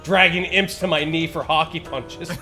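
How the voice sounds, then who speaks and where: A man's voice: on the high side, fairly even intonation, slow, over music. A man streaming a game, telling a long story in a rambling, casual way and laughing at his own jokes. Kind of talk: casual storytelling while gaming. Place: home streaming setup.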